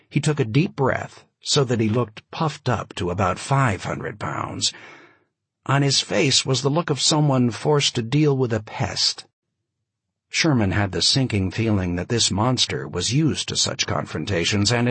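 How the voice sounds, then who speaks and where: Expressive, husky male audiobook narrator. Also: mid-range voice, a little slow, no room sound. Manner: vivid, expressive storytelling. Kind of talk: scripted narration.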